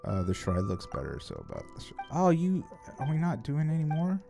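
A man's voice: fairly high pitch, wildly swooping pitch, a little fast, gravelly, over music. A man chatting casually on a live game stream, playful and joking, swearing freely. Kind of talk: casual live-stream chat while gaming.

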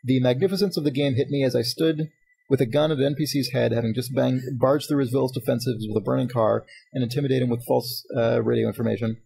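A man hosting a casual talk podcast, reading emails aloud and riffing on them. His voice is gravelly and a little husky, and he talks at a quick clip, laughing often. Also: mid-range voice, poor audio. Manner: fast-talking, animated, laughs often. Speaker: podcast host.

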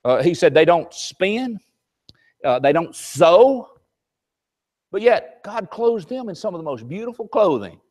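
Animated older preacher. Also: male voice, sits high, measured pace, long pauses. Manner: animated storytelling, acts out voices in anecdotes. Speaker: preacher teaching a Sunday class. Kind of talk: folksy Bible class sermon.

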